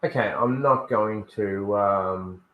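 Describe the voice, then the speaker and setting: A man hosting a livestream in relaxed, rambling casual chat, talking to his viewers as he sets things up. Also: lowish voice, slow pace, phone-quality sound. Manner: relaxed, rambling, talks to viewers while setting up. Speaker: livestream host.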